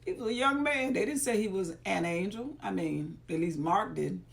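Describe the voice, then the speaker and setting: A woman with a gravelly edge and a mid-range voice reads scripture aloud. She breaks off between verses to retell the passage in plain everyday talk, with casual, folksy asides. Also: mid-range voice, lively intonation, moderate pace. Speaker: Bible reader and teacher. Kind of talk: scripture reading with casual commentary.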